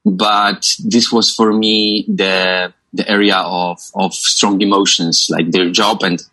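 Young polish guy, director, english not his first language, low but bright voice, lots of uhs and restarts. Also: little pitch movement, slow, low-quality recording. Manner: hesitant, many uhs and repeats. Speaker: film director, guest.

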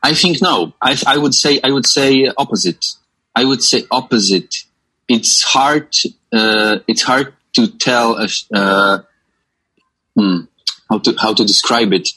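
A man's voice: medium pitch, unhurried, bright, forceful tone, slightly rough, poor audio. A young Polish man, a film director, answering in English with a Polish accent, hesitant and full of uhs and repeated words.

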